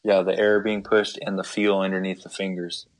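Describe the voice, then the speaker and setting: A man co-hosting a casual podcast from his desk, talking in a relaxed way with many filler pauses. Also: low voice, no room sound. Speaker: podcast co-host. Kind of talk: casual chat.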